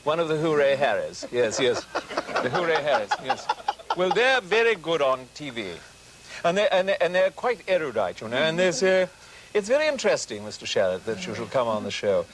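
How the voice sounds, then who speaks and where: An actor putting on a gushing upper-class English gentleman with a posh accent, on an old TV broadcast. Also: a little high, very animated, normal speed, pitched above the performer's own voice. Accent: upper-class English (put on). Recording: old TV broadcast with faint hiss.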